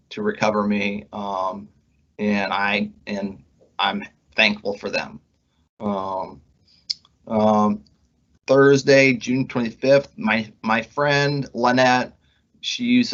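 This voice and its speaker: Man, halting speech, lots of restarts, lowish voice, muffled lo-fi recording. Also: fairly bright tone. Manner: halting, many restarts and searching pauses. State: recovering speech after a stroke. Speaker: pharmacist recounting his recovery. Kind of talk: personal testimony.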